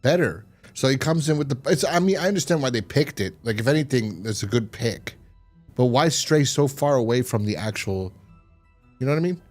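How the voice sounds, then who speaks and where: A man's voice: medium pitch, expressive, brisk, a little mellow, soft background music. A man hosting a casual review podcast, retelling a plot in a rambling way with lots of restarts. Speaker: podcast host.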